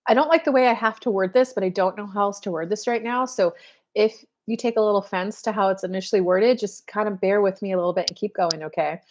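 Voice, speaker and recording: A woman, a spiritual coach hosting a casual live show and chatting straight to her viewers with many fillers. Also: mid-range voice. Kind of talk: casual live-stream chat.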